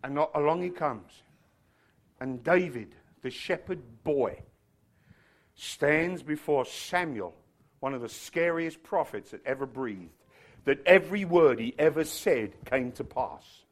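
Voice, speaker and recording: A man preaching a sermon, swinging from loud shouted passages to quiet, chatty, humorous asides. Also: a little high, lively intonation, slow pace. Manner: tells stories with humor.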